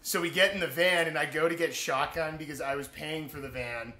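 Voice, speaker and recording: Bright-voiced young man telling a story. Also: on the high side, fairly quick. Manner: animated, profane, laughing between beats. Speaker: interviewee. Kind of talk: casual storytelling. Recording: roomy echo.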